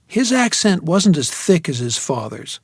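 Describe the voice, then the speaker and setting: Wry, slightly high male narrator. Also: big pitch swings, unhurried, slightly rough, no room sound, clean studio sound. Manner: wry, reflective. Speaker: audiobook narrator. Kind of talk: first-person novel narration.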